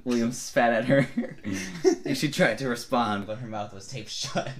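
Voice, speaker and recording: A man's voice: medium pitch, slow pace. Man reading silly fan fiction aloud. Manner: reads in a mostly flat voice, often breaking into laughter.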